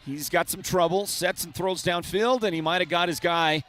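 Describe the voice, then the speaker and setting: A man calling live high school football play by play with brisk, energetic delivery. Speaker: play-by-play announcer.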